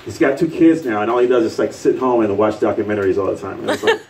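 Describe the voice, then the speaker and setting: A man's voice: on the low side, fast talker, a little mellow, recorded from a distance, a little hiss or hum, low-quality recording. A man from Puerto Rico doing live stand-up comedy in a bar, rambling loosely and acting out quotes. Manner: loose, rambling delivery with fillers and acted-out quotes. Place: bar stage with a live audience.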